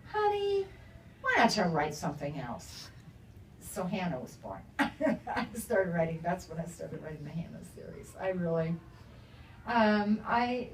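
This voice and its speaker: An older woman author tells stories at a book talk in a bookstore event room, chatty and laughing a lot. Her mid-range voice is a little mellow. The mic is distant, the sound reverberant, with faint room ambience and slight background noise.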